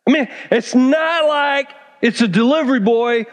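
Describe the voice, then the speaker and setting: A man preaching a sermon, telling a scripture story with lively acted-out asides and direct questions to the congregation. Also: very high-pitched, a little slow. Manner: animated storytelling, acts out characters. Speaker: pastor. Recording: long hall reverb.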